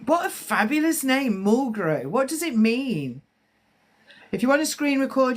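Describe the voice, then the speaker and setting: Answering viewers' comments during a live-stream of spiritual readings, a female psychic medium chats and rambles. Her voice is medium in pitch and a bit congested.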